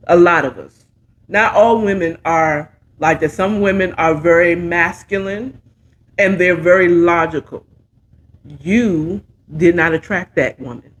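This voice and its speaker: A woman's voice: medium pitch, a little hiss or hum. A middle-aged woman giving casual, sassy, playful commentary while reviewing a talk show.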